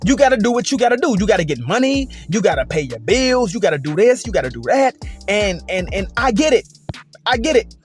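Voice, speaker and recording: High-pitched guy ranting about work, lots of "et cetera" and "okay?", soft music underneath. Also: sing-song, fairly quick. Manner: emphatic, repetitive, conversational with frequent "et cetera" and "okay?". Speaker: commentator. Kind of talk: casual storytelling rant.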